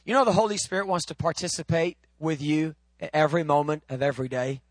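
A male preacher with a high-pitched, fast delivery swings between loud, ringing proclamations and soft, intimate teaching. The recording is dry and close, with no echo or room sound around it.

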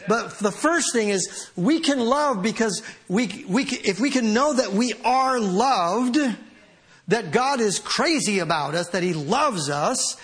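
A man preaching a sermon as pastor, animated and often laughing as he reads scripture aloud. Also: high voice, unhurried.

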